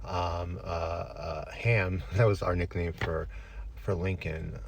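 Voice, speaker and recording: A man telling an absurd comic story to camera in a deadpan, rambling way. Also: low-pitched, slow pace, creaky, a little hiss or hum.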